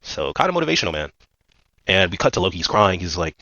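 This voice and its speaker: A man's voice: deep voice, big pitch swings, quick pace, bright, forceful tone, dry recording, highs cut off. A man giving a casual, rambling recap of a manga chapter, full of fillers and slang. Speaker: manga commentator.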